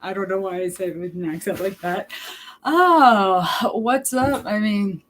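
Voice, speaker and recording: A woman's voice: fairly low pitch, level tone, fairly quick, darkish tone, a little hiss or hum, rough recording. A woman live streaming, rambling casually to her chat in a blunt, profane way. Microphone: laptop mic.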